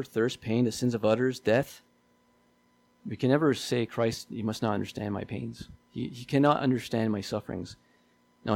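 A man's voice: medium pitch, creaky, darkish tone. A man preaching a sermon in a conversational way, often repeating himself and asking his listeners questions.

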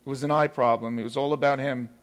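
A man's voice: mid-range voice, fairly even intonation, fast. A man preaching a sermon in an emphatic way, repeating his key phrases.

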